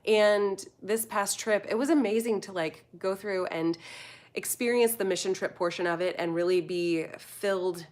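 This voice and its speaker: With a medium pitch and a slightly mellow tone, this woman from the United States talks at a moderate pace. She's a food vlogger in her thirties answering live chat, wandering casually between topics and reading out comments.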